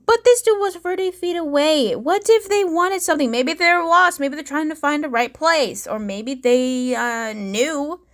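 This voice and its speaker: A woman's voice: high-pitched, unhurried, few pauses. A woman hosting a reaction commentary video, chatty and sarcastic, with lots of fillers. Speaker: commentary vlogger.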